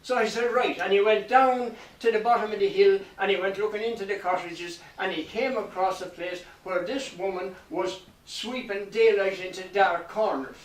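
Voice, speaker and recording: A man's voice: high voice, fairly even intonation, normal speed, few pauses. A man telling a tall folk tale to a live audience in a lilting storytelling manner, giving voices to the characters he meets. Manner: lilting nonsense-tale delivery with voiced exchanges. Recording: echoey hall recorded from a distance.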